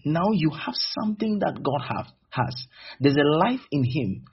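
A man's voice: medium pitch, slightly rough, dull audio. A man preaching a sermon emphatically, acting out little dialogues between people as he teaches.

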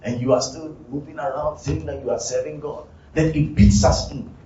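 Man, pastor: high-pitched, repetitive sermon that swells into shouting; dull, distant live recording in a reverberant hall. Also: fairly even intonation, normal speed, slight background noise. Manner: repetitive preaching that builds to shouting. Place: church hall. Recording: roomy, distant, dull live church sound. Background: music and congregation.

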